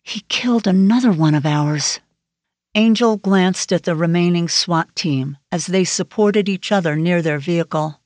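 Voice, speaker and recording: Steady woman audiobook narrator, dry sound. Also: on the low side, dry recording. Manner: even, steady storytelling. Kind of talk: scripted narration.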